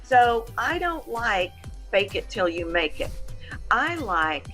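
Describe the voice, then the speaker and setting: A woman's voice: fairly high pitch, very animated, slow pace, a bit bright, soft background music. A middle-aged woman, a voice coach, answering interview questions in an emphatic, teacherly way. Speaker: voice coach guest.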